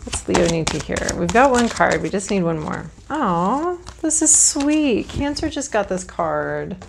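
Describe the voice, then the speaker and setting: A woman talks through a tarot reading in a loose, frank, conversational way, thinking aloud as she goes. Her voice sits at a middle pitch with a gravelly, frayed texture. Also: noisy background. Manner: chatty, frank, swears casually, thinks aloud while drawing cards. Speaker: tarot reader. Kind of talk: casual card reading to camera.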